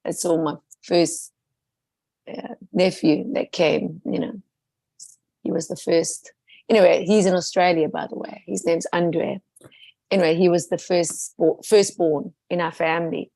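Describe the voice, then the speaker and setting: A middle-aged woman chatting casually in a group, animated and laughing, with many restarts. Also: lowish voice, unhurried, vocal fry, dry recording. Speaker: group participant. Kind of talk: casual chat.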